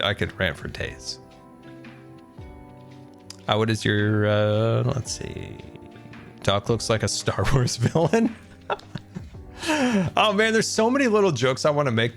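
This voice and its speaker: A man in his thirties chats casually on a live game stream, with a lively voice that swings up and down a lot and laughs often. Faint game music plays under his voice. He keeps talking straight to his viewers in an animated way. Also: fairly low pitch, unhurried, long pauses.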